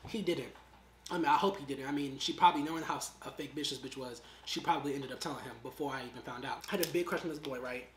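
A young woman telling a story in a casual, slangy, animated way, acting out quotes and eating as she talks. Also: very deep voice, fast talker, a little hiss or hum. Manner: eating while talking. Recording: roomy echo.

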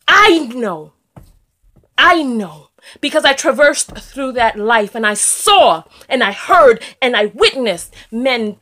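Woman vlogger, heated commentary, emphatic repeats, slightly high voice. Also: bright, forceful tone. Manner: emphatic, repeats phrases for force. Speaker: YouTube commentator. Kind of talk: ranting video commentary.

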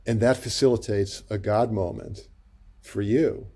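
A man who is a pastor and psychologist, speaking as a guest in a gentle, reflective way with many pauses and fillers. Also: fairly low pitch, steady tone. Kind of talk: interview conversation.

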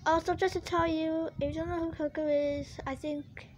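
A woman's voice: very high voice, level tone, moderate pace, darkish tone, slight background noise. A female vlogger chatting casually to camera about her toy collection, rambling with lots of fillers and restarts.

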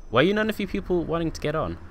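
A man's voice: fairly high pitch, very animated, very fast, fairly bright tone, slight background noise. A young man streaming a bus game, joking and chatting with viewers. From United Kingdom. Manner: chatty, joking, talks to chat. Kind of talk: casual gameplay commentary.

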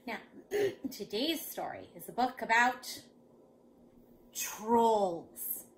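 A woman reading a picture book aloud to young children, dramatic and lively. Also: fairly high pitch, measured pace, slight background noise. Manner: animated, dramatic. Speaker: children's storyteller.

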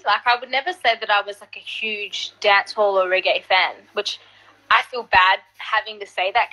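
A woman singer telling stories in an animated, casual way during an interview. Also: medium pitch, poor audio. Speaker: singer and guest artist.

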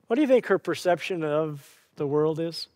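High-voiced man preaching a sermon. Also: expressive, normal speed, a little mellow, long reverb tail. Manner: storytelling preacher, rhetorical questions to the congregation. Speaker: pastor.

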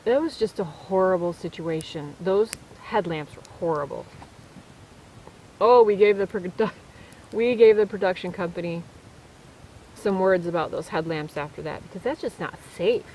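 Woman vlogger, lower voice, chatty solo-camping storyteller, faint outdoor ambience. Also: moderate pace, a little mellow, a little hiss or hum, poor audio. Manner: chatty, with frequent restarts and fillers. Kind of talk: casual storytelling to camera. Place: woods at night, at a debris shelter.

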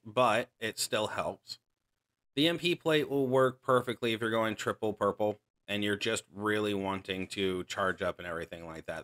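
Male gaming host, lowish voice with a bright, pushy tone, casual strategy commentary that corrects itself as it goes. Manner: explanatory, strategy-focused, self-correcting.

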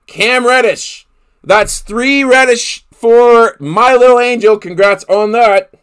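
A man's voice: very high voice, takes it slowly, a bit bright, clear, resonant tone. A man hosting a live card break, calling out each player he pulls and exclaiming over the big hits. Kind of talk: live card-opening commentary.

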